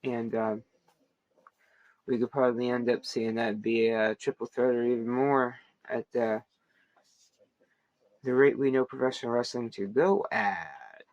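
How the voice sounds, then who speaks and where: A man's voice: medium pitch, fairly even intonation, measured pace, long pauses, dry recording, dull audio. A man hosting a wrestling podcast, giving a casual, rambling recap full of fillers, restarts and playful asides.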